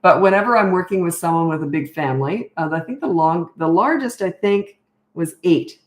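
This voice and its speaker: Low-voiced chatty woman coach. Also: lively intonation, brisk. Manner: chatty, wandering off on tangents. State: tired. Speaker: parenting coach. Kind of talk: live Q&A chat. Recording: roomy echo.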